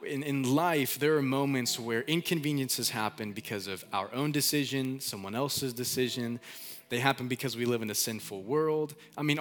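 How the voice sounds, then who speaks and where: A man's voice: medium pitch, a bit bright. A man preaching a sermon in a church, talking casually, repeating himself a lot and asking the congregation to call out answers. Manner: casual, repeats phrases, lots of "like". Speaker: pastor.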